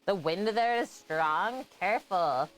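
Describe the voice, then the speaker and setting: A woman's voice: mid-range voice, animated, slow, faint music behind. A woman from Canada chatting casually on a live cooking stream, greeting and thanking viewers by name and laughing often.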